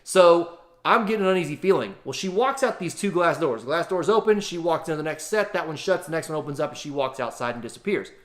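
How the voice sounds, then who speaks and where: A man telling a travel story in a casual, animated, exaggerated way to his vlog audience. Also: a little high, fast talker. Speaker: vlogger.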